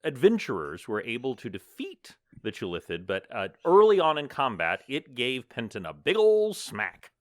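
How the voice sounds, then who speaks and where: A man's voice: medium pitch, wildly swooping pitch, dry recording, clean studio sound. A man hosting a tabletop game podcast as game master, playful and full of fillers as he narrates. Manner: playful, drawn-out sing-song intro, halting with fillers.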